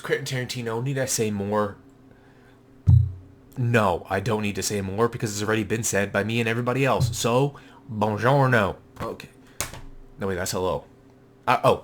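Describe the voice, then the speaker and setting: A man talking casually in a vlog, blunt and rambling, swearing freely and jumping between quick asides. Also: lowish voice, a bit bright, slight background noise. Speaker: collector showing his movie collection.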